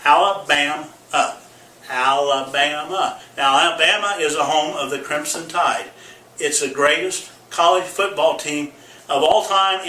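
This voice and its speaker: With lively intonation and a sharp, somewhat high voice, a comedic male vlogger unhurriedly gives a folksy, humorous explainer. He hollers yeehaw, adds goofy sound effects, and checks in with okay after every point like a teacher; the echoey room, distant mic, and a little hiss or hum mark the recording.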